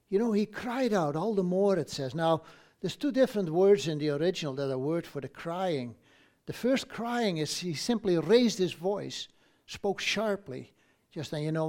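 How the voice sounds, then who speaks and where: A man delivering a sermon with a fairly high-pitched voice. He tells the story at an easy pace, often restarting his phrases and slipping in conversational asides to the listeners. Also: a little mellow. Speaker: preacher.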